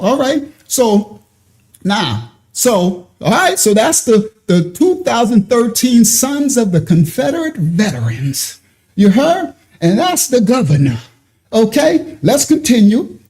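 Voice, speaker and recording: A man hosting a casual livestream, talking in an animated, colloquial way and chuckling often between remarks. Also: sits high. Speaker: livestream host.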